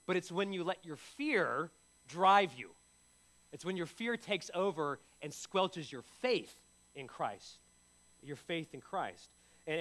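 A man's voice: on the high side, a bit bright. A man preaching a sermon in a conversational way, often repeating and restarting his words. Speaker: pastor.

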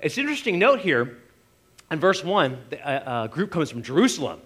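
A man preaching a sermon, retelling Bible stories with animated voices for the disciples. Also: on the high side, a little fast, husky. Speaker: pastor.

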